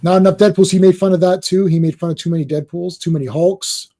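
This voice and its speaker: A man's voice: sits high, steady tone, quick pace, warm tone. A man hosting a comic book podcast, talking casually and rambling as he repeats himself. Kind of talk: casual chat.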